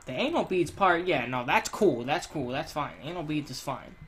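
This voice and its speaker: A man's voice: on the high side, lively intonation, normal speed, a bit bright, slight background noise. A man giving crude, profane let's play commentary while he plays, ranting and joking. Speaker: gamer.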